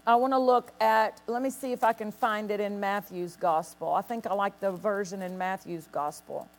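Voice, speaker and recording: A woman pastor preaching a sermon, telling stories with lively quoted voices and bursts of acted laughter. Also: medium pitch, normal speed.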